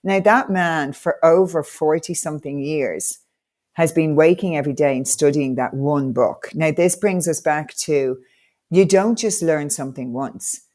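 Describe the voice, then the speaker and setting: A woman's voice: sits low, a little slow, a little mellow. A woman coach, a podcast guest, telling stories with enthusiastic, motivational energy. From Ireland. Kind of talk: conversational podcast interview.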